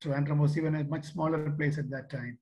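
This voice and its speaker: An older man with a Kerala Malayali accent in his English gives a motivational talk to youth. His voice sits fairly high for a man. He speaks in a storytelling way, repeating phrases and tossing in a questioning "huh?". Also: steady tone, quick pace, dark tone, dull audio. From Kerala, India. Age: 60s. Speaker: seminar speaker.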